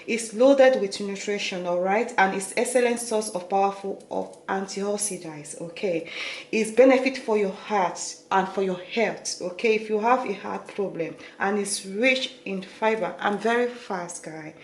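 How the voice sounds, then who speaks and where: A woman's voice: mid-range voice, unhurried. Chatty Nigerian woman in echoey room. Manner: chatty, repeats "okay?" and "guys". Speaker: beauty vlogger. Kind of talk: casual talk to camera. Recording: echoey room with faint noise.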